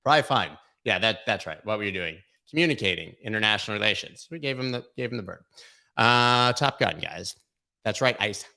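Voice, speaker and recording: A man hosting a crypto market show, giving brash, joking, excitable live commentary on price charts. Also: fairly low pitch, brisk, vocal fry.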